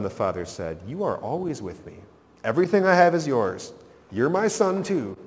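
A man's voice: lowish voice, a little mellow, long reverb tail. A man preaching a sermon as pastor, emphatic, rising and falling for effect.

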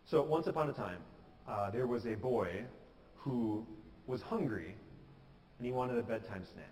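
A man's voice: mid-range voice, measured pace, a little mellow, big-room sound, slight background noise, poor audio. A pastor giving an earnest, conversational sermon, sometimes acting out the prayers he quotes. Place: church sanctuary.

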